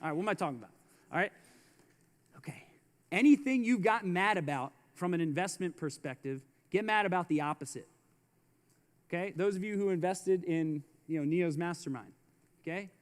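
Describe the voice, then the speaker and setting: High-pitched man giving a punchy hall speech. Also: expressive, a little fast, pauses often. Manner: emphatic, repeats slogans, slangy asides. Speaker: keynote speaker. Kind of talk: motivational business speech. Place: large conference hall. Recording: live hall with long reverb.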